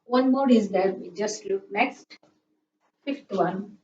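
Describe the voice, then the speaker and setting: Slow woman teaching grammar. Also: mid-range voice, a little mellow. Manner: spells out letters and drills word forms, asks "isn't it?". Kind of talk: slow classroom-style grammar lesson. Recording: echoey room, distant mic, dull sound, faint hiss.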